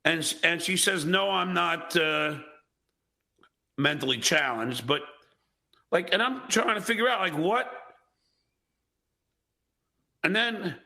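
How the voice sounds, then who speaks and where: A man's voice: high-pitched, unhurried, creaky, sharp tone. A man reading tweets aloud on his show, aggrieved and defensive, boasting as he rants. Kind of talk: indignant ranting while reading social media.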